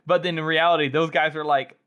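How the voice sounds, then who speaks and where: Excited podcast dude, bright punchy voice, riffing on what the characters are thinking. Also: male voice, fairly high pitch, smooth, muffled recording. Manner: enthusiastic, paraphrasing characters in quick quotes. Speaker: podcast co-host. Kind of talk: casual book-discussion podcast chat.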